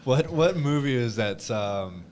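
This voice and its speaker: A man co-hosting a podcast, joking crudely and reacting loudly in casual chat at a live broadcast. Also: mid-range voice, animated, a little slow. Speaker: podcast co-host. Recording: live crowd noise behind.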